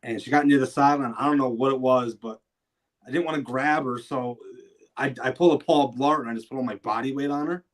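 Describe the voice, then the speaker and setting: A man from New York State co-hosting a casual sports watch-along, telling stories in a relaxed way and often repeating his words as he starts a sentence. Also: mid-range voice, quick pace. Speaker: co-host.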